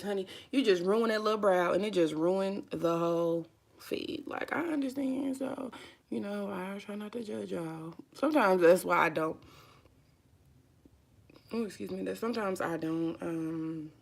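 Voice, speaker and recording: A young woman chats to her viewers while she does her brows, dramatic and talkative, calling everyone honey and y'all. Her voice is husky with a gravelly edge. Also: medium pitch, a little mellow. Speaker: vlogger. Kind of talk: casual makeup vlog chat.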